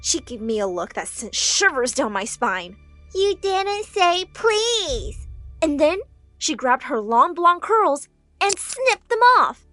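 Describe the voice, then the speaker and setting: A young woman narrating a dramatic first-person story in an expressive, emotional way. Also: high voice, unhurried, soft background music.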